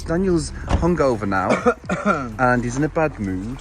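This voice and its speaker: Over music, a middle-aged vlogger with a medium-pitched voice and lively intonation tells a casual story. His delivery is rambling and exasperated, peppered with quick asides.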